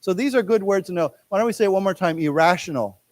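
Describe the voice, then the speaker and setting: A chatty American man leads a live English lesson in a lecture room, his voice a little higher than most men's. He talks loosely, restarts often, and draws words out slowly so the class can repeat them. The sound is dry and close, with little room echo. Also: a little mellow. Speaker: English teacher.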